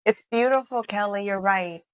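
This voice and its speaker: A woman's voice: medium pitch, normal speed, smooth, no echo, lo-fi sound. A woman host in an interview conversation, affirming her guest and responding thoughtfully. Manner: affirming, with steady listening murmurs.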